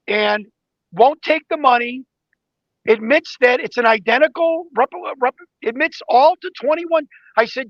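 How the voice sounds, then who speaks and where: A man telling an investigation story in an interview, excited and acting out the exchanges he quotes. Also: very high-pitched, moderate pace, no room sound, muffled recording. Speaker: guest investigator. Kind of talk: animated interview talk.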